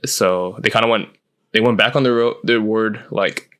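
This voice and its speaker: A man's voice: lowish voice, fairly even intonation, moderate pace, a bit bright. A young man co-hosting a podcast, chatting loosely with lots of fillers and swearing. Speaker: podcast co-host. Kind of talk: casual chat.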